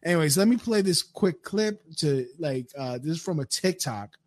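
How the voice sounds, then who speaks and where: A man's voice: on the high side, expressive, normal speed. A man giving a crude, rambling rant, with frequent stammered restarts. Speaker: commentator. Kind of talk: profane rant commentary.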